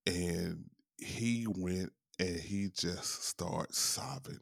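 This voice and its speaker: A man's voice: lowish voice, a little slow, creaky, no room sound, clean studio sound. A young adult man hosting a podcast, chatting casually, laughing often and swearing freely as he tells stories. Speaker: podcast host. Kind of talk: casual chat.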